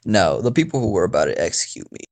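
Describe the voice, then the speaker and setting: A man's voice: low voice, sing-song, fast, gravelly. A man telling an improvised story in a rambling, profane, casual way, with frequent laughs. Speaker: storyteller YouTuber.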